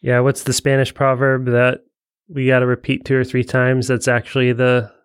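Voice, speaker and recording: A man's voice: medium pitch, completely flat delivery, normal speed, clear, resonant tone, no echo, studio quality. A man co-hosting a casual movie discussion, chatty and jokey. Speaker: podcast co-host.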